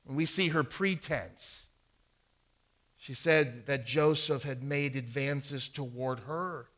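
Male preacher, slow and emphatic, bright ringing voice, repeats himself for effect. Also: fairly high pitch, steady tone. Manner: volume rising and falling for emphasis. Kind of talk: sermon.

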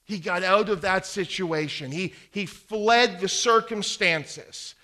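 Speaking slowly in a high voice that sounds pushed and bright, a man preaches a sermon. He reads scripture aloud, repeating phrases for emphasis as his volume rises and falls.

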